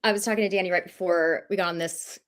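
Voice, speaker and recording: A woman's voice: on the low side, steady tone, fast talker. A woman co-hosting a podcast, hesitant and full of fillers, agreeable in conversation. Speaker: podcast co-host.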